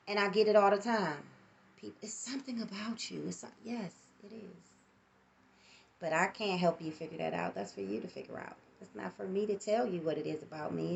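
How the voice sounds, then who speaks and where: A woman's voice: medium pitch, vocal fry, fairly bright tone. A middle-aged woman talking candidly into her phone on a tripod, reflective and blunt, swearing at times. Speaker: vlogger. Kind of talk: casual personal monologue.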